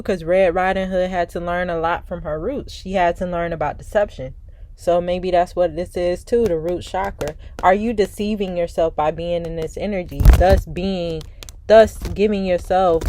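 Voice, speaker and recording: A woman giving a casual spiritual card reading, animated, slangy and profane. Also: lowish voice, a little hiss or hum. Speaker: tarot card reader.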